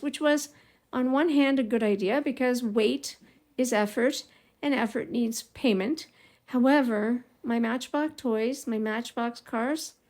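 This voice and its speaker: A middle-aged woman vlogger telling a childhood story in a casual, rambling way, drifting into side remarks and laughing softly now and then. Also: on the high side. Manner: rambling and digressive, with frequent small laughs.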